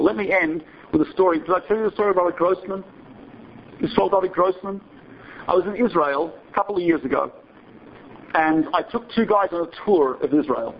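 A man's voice: sits high, moderate pace, highs cut off, slight background noise. A man giving a talk to an audience, telling a story in a conversational way and often checking in with "right?". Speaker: speaker.

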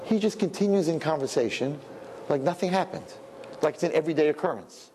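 A man teaching a lively Torah lesson, animated and joking, asking rhetorical questions. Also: on the high side, fairly quick, a little hiss or hum.

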